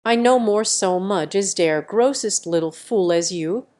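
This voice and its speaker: A woman's voice: mid-range voice, measured pace, a little mellow, natural voice. Woman doing a stern German father barking orders. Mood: commanding. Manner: barking commands. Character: excitable stern German father, middle-aged.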